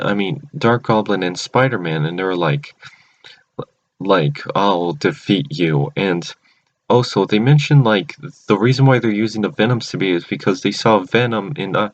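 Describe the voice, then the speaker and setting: Rambling man recapping a cartoon. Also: lowish voice. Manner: rambling, many restarts. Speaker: channel host. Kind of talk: casual episode recap. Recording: dull lo-fi recording.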